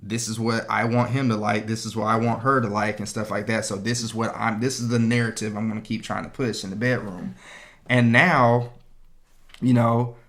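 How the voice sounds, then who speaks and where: Animated man telling a married-life story. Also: on the low side, moderate pace. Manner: animated storyteller, acts out quotes. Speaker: podcast co-host. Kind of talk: casual chat.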